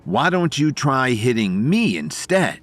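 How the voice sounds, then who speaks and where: A man's voice: medium pitch, big pitch swings, measured pace, faint music behind, voice pushed up. A man playing a furious young hero. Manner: shouting, fierce, anguished. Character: furious young man defending his family.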